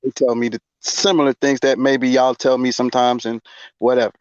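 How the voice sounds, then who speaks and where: A man's voice: medium pitch, flat delivery, brisk, a little mellow, no echo. A man on a video call, talking bluntly and swearing often in a casual panel chat while steering the topic. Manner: blunt, profane, keeps steering the talk. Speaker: panel regular. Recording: dull lo-fi video call audio.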